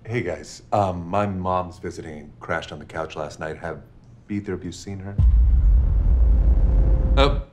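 An actor playing an easygoing young roommate in a comedy sketch, speaking casually and offhand. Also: male voice, sits low, unhurried, pauses often, loud music behind the voice. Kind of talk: scripted comedy sketch acting.

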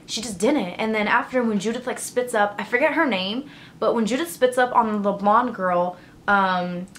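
A woman vlogging in casual chat, excitable and chatty, filling her talk with "like". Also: medium pitch, slight background noise.

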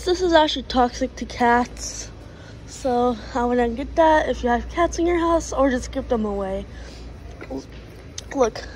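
Female vlogger, high pitch, chatty and gushing, filming on a phone in a store with faint background noise. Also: darkish tone, rough recording. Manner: chatty, gushing, many fillers and restarts. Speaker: plant vlogger. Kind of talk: casual vlog walkthrough. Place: indoor garden store.

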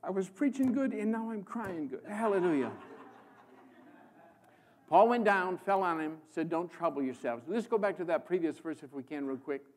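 A man from the American Midwest preaching a sermon as a guest preacher, swinging between loud proclamation and hushed emphasis. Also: high voice, animated, normal speed. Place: church.

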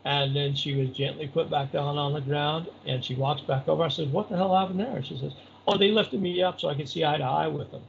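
A man's voice: fairly high pitch, steady tone, a little fast, vocal fry, lo-fi sound, a little hiss or hum. A middle-aged man telling a long story in a rambling, conversational way, full of fillers. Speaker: interview guest. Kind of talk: casual storytelling.

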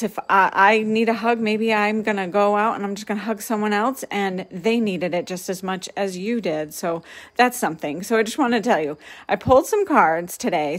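A woman hosting a casual live-streamed spiritual session, speaking gently and soothingly and laughing often. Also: medium pitch. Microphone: webcam or phone for a live stream.

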